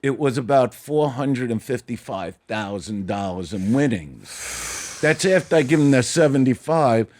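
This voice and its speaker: Male podcast guest, animated storyteller, trails off into mutters, casual. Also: a little slow. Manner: animated, acts out dialogue, trails off into low mutters.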